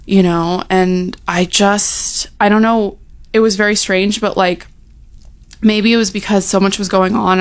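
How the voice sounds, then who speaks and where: Gravelly-voiced young woman sharing her story. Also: mid-range voice. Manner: frank, heartfelt, many fillers like "you know". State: near tears at times. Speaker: recovery storyteller. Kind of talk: personal testimony, casual.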